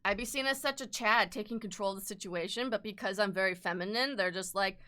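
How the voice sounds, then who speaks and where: Blunt, bright-voiced woman ranting casually. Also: medium pitch, fast talker. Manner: blunt, swearing, candid ranting; peppered with "like". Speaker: art streamer. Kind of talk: casual chat while sketching.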